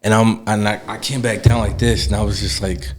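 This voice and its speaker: A man's voice: fairly low pitch, fairly quick, a little hiss or hum. A man hosting a podcast, telling a story in casual chat, swearing a lot and acting out what other people said. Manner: animated storytelling, acts out voices of others; swears heavily, says dude and bro. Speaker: podcast host.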